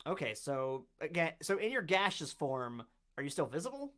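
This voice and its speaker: A man's voice: fairly high pitch, big pitch swings, moderate pace, fairly bright tone. Chatty laughing male game master. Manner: laughs often, loose and chatty. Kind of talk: narrating a tabletop game.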